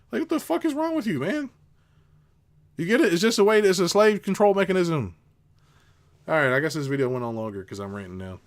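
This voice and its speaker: A man's voice: high-pitched, big pitch swings, fairly quick, long pauses. A middle-aged man, a business coach, ranting casually to his viewers, swearing and mocking others. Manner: ranting, swears, mocks people in put-on voices. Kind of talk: unscripted rant to camera.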